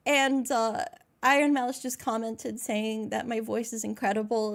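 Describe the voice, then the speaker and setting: A woman's voice: a little high, flat delivery, measured pace, vocal fry. A woman streaming live and chatting with viewers, gushing and slangy, teary as she holds back happy tears. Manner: gushing, slangy, says dude and bro a lot. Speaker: VTuber streamer.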